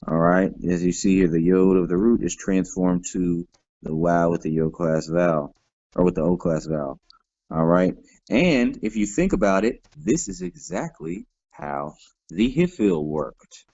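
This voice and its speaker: A man's voice: low-pitched, expressive, a little slow, mellow, no room sound. A man teaching a Hebrew grammar class, walking students through verb forms patiently and step by step, with frequent "all right" checks. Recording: dull lo-fi dry sound.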